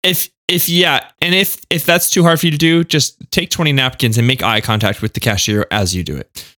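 A man's voice: mid-range voice, a little fast, bright, forceful tone. A man in his thirties co-hosting a podcast, easygoing, with a dry sense of humor. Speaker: podcast co-host. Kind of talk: casual podcast chat.

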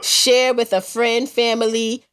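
A woman's voice: a little high, level tone, unhurried, a bit bright, clear, resonant tone. A young woman with a New York accent co-hosting a podcast, chatting casually and laughing often while she has a cold. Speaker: podcast co-host. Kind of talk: casual chat.

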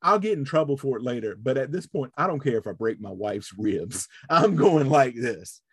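A man's voice: medium pitch, expressive, moderate pace, breathy edge, no echo, studio quality. A man hosting a podcast, telling a story in casual chat and acting out the voices of the people in it. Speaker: podcast host.

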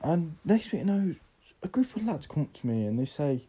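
A man's voice: on the high side, sing-song, brisk, mellow, breathy edge. An eighteen-year-old man, drunk, telling a rambling story on his podcast, swearing often. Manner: swearing, rambling, filler-heavy. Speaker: podcast host.

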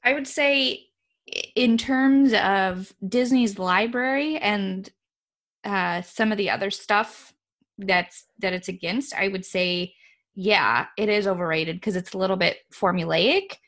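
A woman co-hosting a casual chat, opinionated and animated, often laughing as she talks. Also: medium pitch, unhurried. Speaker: podcast co-host.

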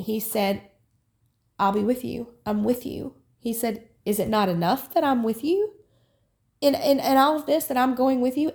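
A woman's voice: mid-range voice, gravelly. A woman hosting a Christian devotional podcast, talking in an earnest, rambling way with frequent restarts and repeated words. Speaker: podcast host.

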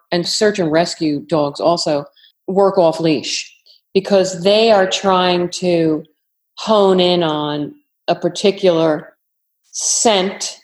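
A retired woman with a New York accent, answering interview questions in a measured, careful way. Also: fairly low pitch, a little mellow. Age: older. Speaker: retired FBI agent, guest.

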